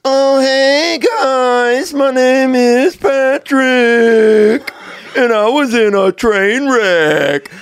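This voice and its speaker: A man's voice: extremely high pitch, animated, very slow, gravelly, dry recording, voice pushed up, exaggerated voice. A man voicing a goofy, cheerful character who laughs through his lines. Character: goofy cheerful man, train wreck survivor.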